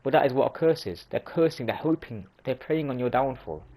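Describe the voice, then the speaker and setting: A man's voice: medium pitch, animated, a little fast, warm tone, rough recording. A man hosting a religious video, explaining sayings in an informal way, often restarting and correcting himself. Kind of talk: casual explanatory talk.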